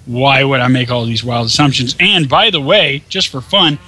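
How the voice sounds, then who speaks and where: A man's voice: mid-range voice, moderate pace, pushed and bright, faint music behind, poor audio. A man ranting in casual chat over gameplay, swearing often and sounding incredulous. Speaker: gaming co-host.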